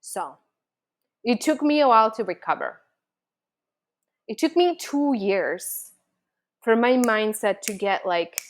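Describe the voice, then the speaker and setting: A woman's voice: a little high, lively intonation, slow, long pauses. A woman host telling a personal story in an earnest, emotional way, with lots of fillers and restarts.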